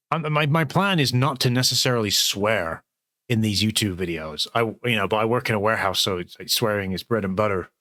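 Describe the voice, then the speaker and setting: A man's voice: fairly low pitch, fairly bright tone, no room sound, clean studio sound. A man, hosting his new channel in rambling, sweary casual chat from home.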